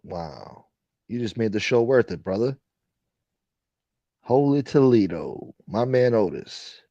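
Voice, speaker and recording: Profane ranting man, low voice. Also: animated, slow pace, warm tone, dry recording, muffled recording. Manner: profane, ranting, reads donations aloud. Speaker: livestream host. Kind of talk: casual livestream chat.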